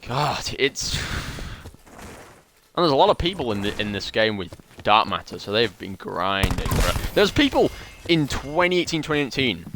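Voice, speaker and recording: A man's voice: lowish voice, bright, forceful tone, a little hiss or hum. A young man rambling and joking about himself as he chats casually to viewers while streaming a shooter game. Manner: rambling, chatty, self-deprecating. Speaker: gaming streamer. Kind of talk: casual live-stream commentary while playing.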